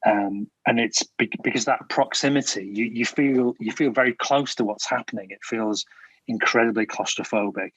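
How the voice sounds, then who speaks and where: A man's voice: medium pitch, normal speed, fairly bright tone, dry recording, low-quality recording. A man talking as a guest on a podcast in a casual discussion, hesitating often and restarting his sentences. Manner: hesitant, many restarts and fillers. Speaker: podcast guest, film researcher.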